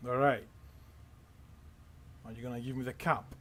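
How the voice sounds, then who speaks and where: A game master putting on a secretive male schemer who keeps pressing his case, urgent and evasive, never willing to explain himself. His voice sits at an ordinary middle pitch for a man, talking plainly at a tabletop game. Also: little pitch movement, normal speed, close to an everyday voice. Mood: insistent. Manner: insistent, evasive, pleading. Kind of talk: game master voicing a character.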